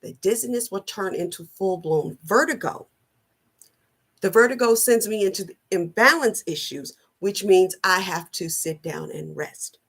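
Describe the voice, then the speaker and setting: A middle-aged woman giving a personal motivational talk, slow, earnest and deliberate, often repeating her phrasing. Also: medium pitch, a bit bright, breathy edge. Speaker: wellness vlogger.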